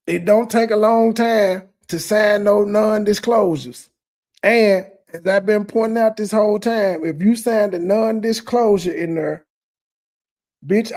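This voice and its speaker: A man's voice: high voice, darkish tone. A man hosting a profane reaction commentary, talking in a blunt, mocking, insulting way. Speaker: commentary host.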